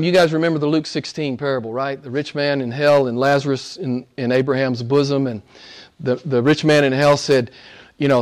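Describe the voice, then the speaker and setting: A man's voice: mid-range voice, fairly even intonation, brisk. A male pastor preaching a sermon in an emphatic, conversational way, speaking directly to his congregation.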